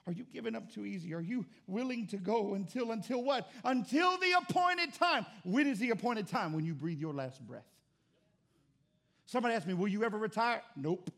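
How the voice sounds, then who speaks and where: High, gravelly-voiced pastor preaching. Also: male voice, animated, brisk. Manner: fervent, swings from quiet to loud. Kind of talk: sermon. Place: church.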